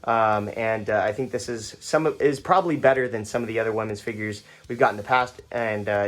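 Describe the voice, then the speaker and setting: A man's voice: on the low side, fairly even intonation, a little fast, hardly any pauses, a bit bright. A young man hosting a casual action-figure unboxing review, rambling with lots of fillers and restarts, a little foggy and stuttering. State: stuttering, foggy after a fight.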